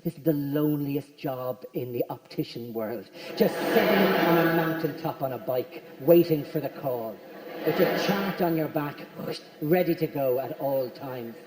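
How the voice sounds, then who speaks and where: Comic on stage, high voice, rattles along, big hall echo. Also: male voice. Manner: rapid, excitable, mimics crowd members. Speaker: stand-up comedian. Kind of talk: live stand-up comedy. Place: large theatre on stage. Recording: echoey hall reverb.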